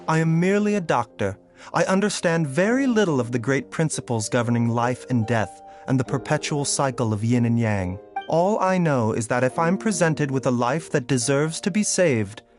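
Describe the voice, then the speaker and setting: An actor playing a calm, curious doctor who speaks in a measured, wryly amused way. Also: male voice, mid-range voice, natural voice. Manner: measured, wry, softly amused. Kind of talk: game voice acting.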